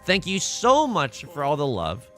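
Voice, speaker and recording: A man streams his gameplay live and keeps a playful running commentary. His pitch swings widely as he jokes and often jumps into loud outbursts. Faint game music plays behind him. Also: unhurried. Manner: animated, jokey, bursts into sudden loud exclamations.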